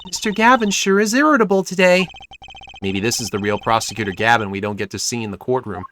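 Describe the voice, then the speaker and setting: A man's voice: medium pitch, lively intonation, quick pace, fairly bright tone, slight background noise, close to an everyday voice. A man reading a wry young defense attorney. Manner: wry, thoughtful narration of inner thoughts.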